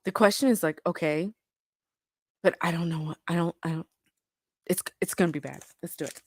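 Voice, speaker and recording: A woman's voice: lowish voice, brisk, darkish tone, no room sound. A woman chatting casually on a podcast in a playful, teasing way, laughing often. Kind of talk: casual chat.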